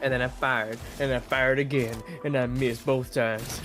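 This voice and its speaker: A man's voice: mid-range voice, flat delivery, normal speed. A man chatting casually while playing a video game, telling rambling stories and laughing often. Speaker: gaming streamer co-host. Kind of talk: casual chat while gaming. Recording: faint game music behind.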